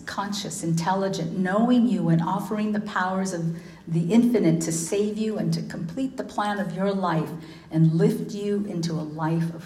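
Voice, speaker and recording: A woman preaches a sermon in a lowish voice, slowing down to stress each quoted line. Her voice rings in a roomy, echoing space. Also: warm tone. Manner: slow, deliberate emphasis with many quotations. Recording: echoey room.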